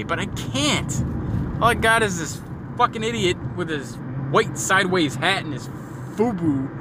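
A man's voice: a little high, background noise. Profane, exasperated man telling a comic story. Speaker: comedian. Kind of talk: comedic storytelling monologue.

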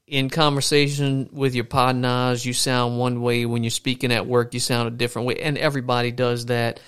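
A man hosting a relaxed chat, rambling loosely with lots of "you know". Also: mid-range voice, normal speed, clear, resonant tone. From Louisiana. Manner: relaxed, rambling, many fillers. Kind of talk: casual conversation.

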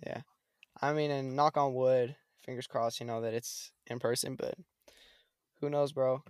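A young man chatting casually, telling a story in a lively, slangy way. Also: mid-range voice, measured pace, smooth, no echo, studio quality. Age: young adult. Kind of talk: casual chat.

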